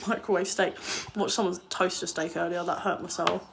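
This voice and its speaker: A woman's voice: on the low side, level tone, brisk, gravelly, background noise. A young woman chatting casually on a livestream, blunt and swearing freely as she answers viewer comments. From England.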